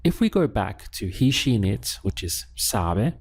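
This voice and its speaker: Male teacher, slow and patient, lowish voice, repeats phrases for learners. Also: big pitch swings, a little mellow, breathy edge. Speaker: Spanish teacher. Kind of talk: spoken language lesson. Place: lives in Latin America.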